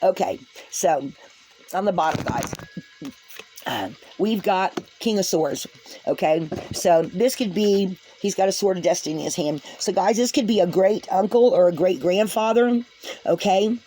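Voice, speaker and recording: A woman's voice: lowish voice, unhurried, warm tone, slight background noise, poor audio. A woman giving a casual spiritual tarot reading to camera, chatty, laughing often and talking straight to her viewers. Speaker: tarot card reader.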